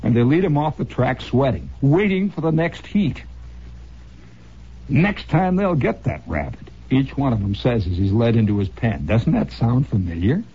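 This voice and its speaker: On a dull, lo-fi old radio broadcast, a male host rambles through a monologue of wry, sardonic stories. His medium-pitched voice is husky and sing-song, moving at a moderate pace.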